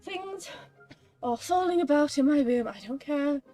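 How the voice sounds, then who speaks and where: A young woman chatting casually while playing a game, rambling and breaking into excited exclamations. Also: high-pitched, unhurried, soft background music. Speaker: streamer.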